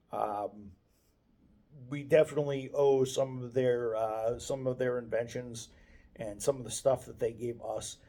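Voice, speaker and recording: A man talking off the cuff in a daily video blog, wandering from point to point and restarting his sentences as he goes. His voice sits at an ordinary pitch with a dark, mellow tone. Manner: meandering, hesitant, often restarts sentences. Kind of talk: casual off-the-cuff monologue.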